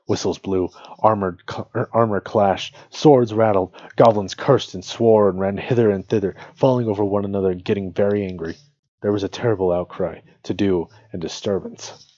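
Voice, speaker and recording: A man reading a storybook aloud on his stream, voice strained and hoarse, with small slips and self-corrections. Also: low-pitched, fairly even intonation, brisk, dark tone, no echo, lo-fi sound.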